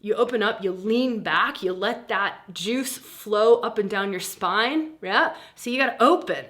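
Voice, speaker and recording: Middle-aged woman, spiritual teacher, animated and breezy, average pitch. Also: a little slow. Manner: animated, breezy, laughs often, acts out inner voices.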